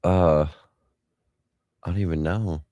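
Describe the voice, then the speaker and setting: A man's voice: sits low, steady tone, slow, dark tone, no room sound. A young man co-hosting a podcast, giving short laid-back replies in casual chat. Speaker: podcast co-host.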